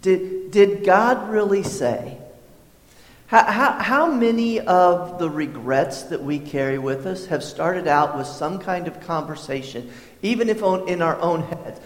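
High-voiced pastor preaching in echoey hall. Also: male voice, animated, a little slow. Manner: conversational, repeats words, clears throat often. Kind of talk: sermon.

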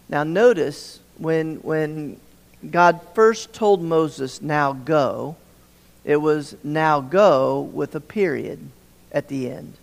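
A man with a fairly high voice and vocal fry preaches a sermon extremely slowly, the sound echoing with long hall reverb. He often stammers and repeats words as he acts out the dialogue he's quoting.

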